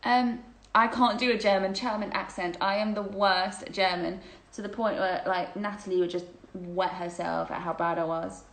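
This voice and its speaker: A woman's voice: mid-range voice, steady tone, normal speed, hardly any pauses, fairly bright tone, echoey room, rough recording. A woman hosting a casual livestreamed chat, reading out viewer questions, gushing and chatty and laughing often.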